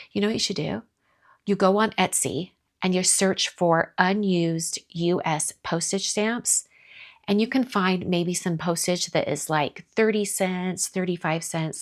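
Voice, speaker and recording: With a lowish voice, a middle-aged woman from the American South runs a casual card-making live stream. She reads out comments from viewers and answers each one.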